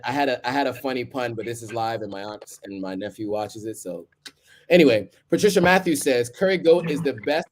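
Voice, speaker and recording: A man's voice: medium pitch, slight background noise. A man in his thirties hosting a live stream, chatting casually with lots of ums and easy laughter. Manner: laid-back, chuckling, many ums.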